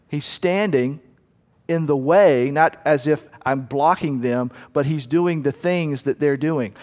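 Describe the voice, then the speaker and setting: An earnest male pastor delivers a storytelling sermon, often restarting his phrases. His voice sits a little high for a man. The recording carries the long reverb of a church hall.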